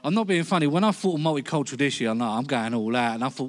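A man with a Cockney accent preaching a humorous sermon, joking and lively. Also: mid-range voice, very fast, hardly any pauses. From London. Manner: jokey, lively delivery.

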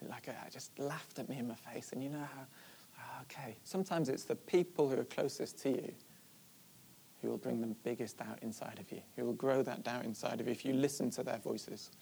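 Animated preacher retelling a story. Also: mid-range voice, a little fast, vocal fry, a little hiss or hum. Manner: animated retelling with rhetorical questions. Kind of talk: sermon storytelling.

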